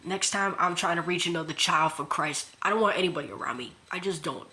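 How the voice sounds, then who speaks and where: A woman speaking an earnest, emotional confessional monologue into her phone, halting and repeating herself, near tears. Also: lowish voice, sharp tone. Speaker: vlogger.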